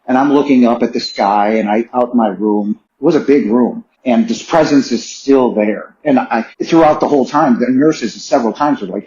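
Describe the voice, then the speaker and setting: A man's voice: mid-range voice, moderate pace, few pauses, darkish tone. A middle-aged man speaks as a podcast guest, sharing a personal story with earnest emotion and insistent repetition. His voice sits in an ordinary middle register. The recording is echoey, with a slightly dull, narrowed tone. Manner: earnest and emotional, repeating phrases for emphasis. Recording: roomy, slightly dull sound.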